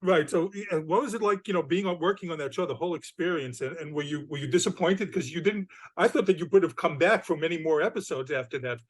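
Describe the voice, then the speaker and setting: A man's voice: a little high, quick pace, few pauses. A man interviewing a guest, asking questions in a chatty, rambling way. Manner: chatty, restarts questions, laughs easily.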